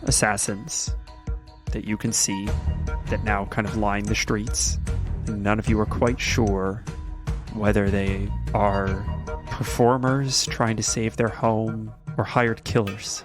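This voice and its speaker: A man running a tabletop game as game master, narrating the scene in a calm, measured way. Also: on the low side, over music.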